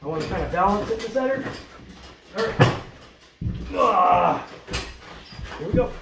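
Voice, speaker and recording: A man in his fifties with a fairly high voice talks viewers through his job in a chatty, joking way. He sounds far from the mic in a bare, echoing room. Loud work noise clatters behind him throughout. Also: animated, measured pace, gravelly. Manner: talks to himself and viewers while working, joking. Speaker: drywall installer. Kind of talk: chatty work-along tutorial. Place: bare room under construction.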